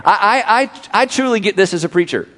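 High-voiced pastor preaching in a reverberant hall. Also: male voice, a little fast. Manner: animated, repeats phrases for emphasis, leads congregation in call-and-response. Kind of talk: sermon. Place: large church auditorium.

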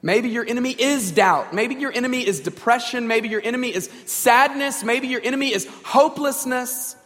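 A man's voice: very high-pitched, moderate pace, a bit bright. A man preaching a sermon in a direct, conversational way, often asking the audience questions. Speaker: pastor. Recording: long reverb in a large hall.

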